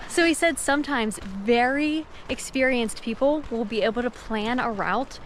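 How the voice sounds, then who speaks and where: A woman travel vlogger talking casually outdoors on a trail, bubbly and quick to laugh. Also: fairly high pitch, a little hiss or hum. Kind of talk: casual travel vlog narration.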